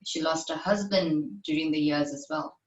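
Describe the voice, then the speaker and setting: A woman hosting a live-stream interview, speaking gently and explaining to the audience. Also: low-pitched, normal speed, lo-fi sound. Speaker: podcast host. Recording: echoey sound, distant from the mic.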